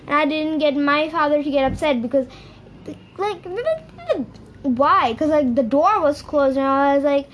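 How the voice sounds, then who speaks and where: A woman's voice: high-pitched, measured pace, muffled recording, a little hiss or hum. A young woman telling a personal story in a casual, rambling way, circling back and repeating herself with lots of filler words.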